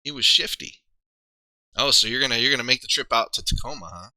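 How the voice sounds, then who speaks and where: Bright-voiced man rambling on stream. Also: mid-range voice, animated, fast talker, no room sound. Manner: rambling, thinking aloud with many fillers and restarts. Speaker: streamer and league player. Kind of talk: casual livestream chat.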